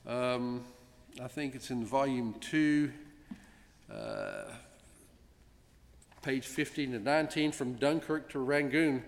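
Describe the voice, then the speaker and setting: Warm and gently humorous, a middle-pitched man delivers a ceremonial presentation as president of his congregation, leaving frequent pauses between remarks. A long reverb from the big synagogue sanctuary trails his words.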